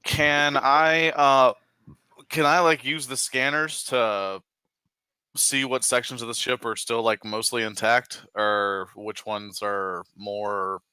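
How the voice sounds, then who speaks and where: A man's voice: medium pitch, fairly even intonation, takes it slowly, sharp tone, clear, resonant tone, no echo. A man playing a tabletop game, joking around and hesitating with many restarts. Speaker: player. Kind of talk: casual tabletop play.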